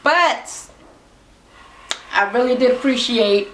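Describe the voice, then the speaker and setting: A woman's voice: fairly high pitch, expressive, takes it slowly, slight background noise. A woman recapping reality TV in a casual rant, blunt and swearing a lot. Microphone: camera mic. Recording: roomy echo.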